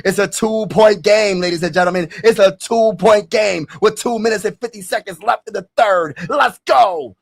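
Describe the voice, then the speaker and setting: Excitable high-voiced man calling a game live. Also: moderate pace, creaky, few pauses. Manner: excitable, hypes viewers, bursts into shouts; casual slangy talk. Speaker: live play-by-play streamer. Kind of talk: live play-by-play commentary with reactions.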